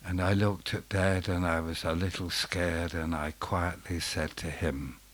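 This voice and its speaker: A man preaching a sermon as dramatic storytelling, dropping to a hush and then rising to loud outbursts. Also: low-pitched, little pitch movement, unhurried.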